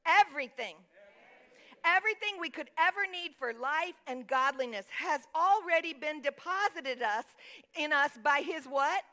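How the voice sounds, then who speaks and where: High bright-voiced woman preaching. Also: a little slow. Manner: emphatic, calls for congregation responses; reads scripture aloud. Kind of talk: sermon.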